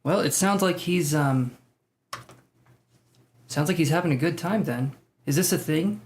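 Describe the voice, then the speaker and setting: A man's voice: a little high, measured pace, a little hiss or hum. A man hosting a live tarot reading stream, chatting casually, greeting viewers by name and joking about himself.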